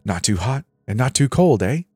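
A man's voice: mid-range voice, sing-song, normal speed, dark tone, slightly rough, no echo, pitched above the performer's own voice. A man doing a jolly, hissing killer. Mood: gleeful. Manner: jolly cheer turning to hissing whisper. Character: huge jolly scarred male killer, middle-aged.

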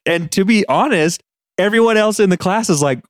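A man from Montana co-hosting a podcast, telling a story in a casual, laughing way and slipping into quick impressions. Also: high voice, no echo, clean studio sound. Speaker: podcast co-host.

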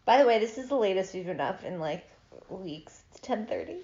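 A woman in her thirties co-hosting a podcast, teasing and quick to laugh in casual chat. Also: medium pitch, lively intonation, a little mellow. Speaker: podcast co-host. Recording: dull roomy home recording.

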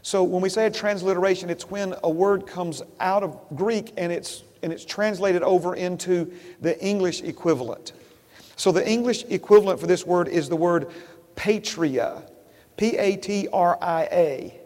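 A man's voice: sits high, normal speed, darkish tone, long reverb tail. A man preaching a sermon as pastor to his congregation, repeating phrases and asking them questions. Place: church sanctuary.

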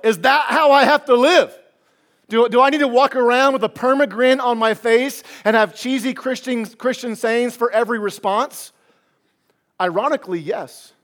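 A male pastor preaching a sermon to his congregation, animated and humorous, repeating key phrases for emphasis. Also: very high-pitched.

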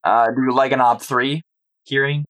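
A man's voice: mid-range voice, fairly even intonation, measured pace, fairly bright tone, poor audio. A man running a tabletop game as game master, narrating casually with frequent restarts.

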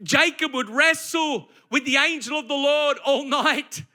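Man, sermon, very high voice, bright tone, emphatic conversational delivery. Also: unhurried. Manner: emphatic, conversational preaching with acted asides. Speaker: preacher.

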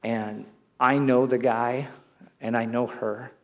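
A man's voice: mid-range voice, fairly even intonation, takes it slowly. A man preaching as a pastor, talking in a conversational and earnest way with many restarts and side remarks. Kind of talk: sermon. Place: church sanctuary. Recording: long hall reverb.

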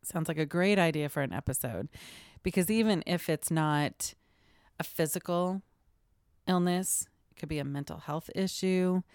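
A woman's voice: low-pitched, normal speed, darkish tone, no echo, studio quality. A woman co-hosting a podcast, speaking in a thoughtful, conversational way. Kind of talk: casual podcast chat.

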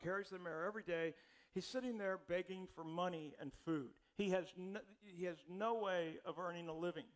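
A man's voice: sits high, a bit bright. A man preaching a sermon as a pastor in a casual, conversational way, often repeating words as he starts sentences.

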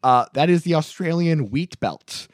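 A man's voice: on the high side, measured pace, no echo, clean studio sound. A man hosting a casual comedy podcast, telling a history story with jokes and frequent laughter. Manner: animated, laughing, joking storyteller.

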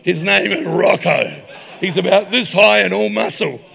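A man's voice: high-pitched, measured pace, creaky, a bit bright. A man preaching in a church, mixing jokey anecdotes with sermon points. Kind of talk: humorous sermon storytelling. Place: church hall.

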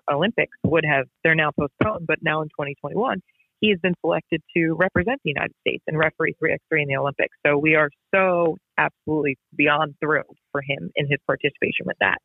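A woman's voice: low-pitched, husky, dry recording. A woman, a basketball referee, tells stories in a casual interview, emphatic and repetitive. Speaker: basketball referee and podcast guest. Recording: tinny phone-line sound.

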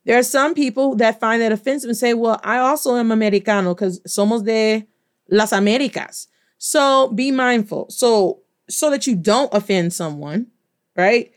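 A woman from the United States, a teacher giving an animated language lesson, playful and slowly spelling words out letter by letter. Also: medium pitch, smooth. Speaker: Spanish teacher.

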